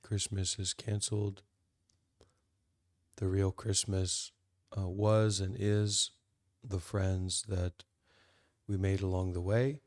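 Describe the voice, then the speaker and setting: Man, very deep voice, monotone, slow, dry sound, deadpan meditation teacher. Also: dry recording. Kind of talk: casual spoken teaching.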